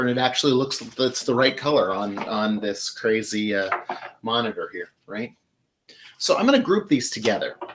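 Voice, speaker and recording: Middle-aged guy from michigan chatting away while he arranges flowers live, average pitch, bit of hiss behind. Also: a bit bright, poor audio. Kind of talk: casual live demonstration.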